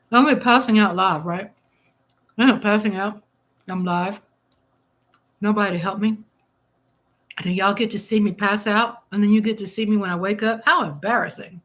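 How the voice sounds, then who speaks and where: A middle-aged woman with a drawl hosts a casual live stream, close on the mic. She talks in a loose, chatty way, reads comments aloud, and breaks into exclamations. Her pitch sits in an ordinary middle range. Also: steady tone, normal speed, long pauses, fairly bright tone. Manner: chatty and exclamatory, eating while talking. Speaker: livestream host.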